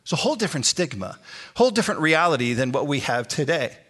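A man's voice: fairly high pitch, big pitch swings, fast talker, fairly bright tone. A pastor in his sixties preaching a sermon, emphatic, repeating key phrases with a rising inflection. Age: 60s.

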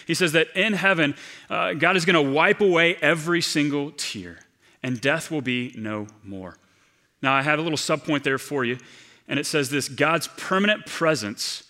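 Earnest pastor with a bright, forceful voice. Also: male voice, on the high side. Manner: earnest, slows down to stress key phrases. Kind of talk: sermon.

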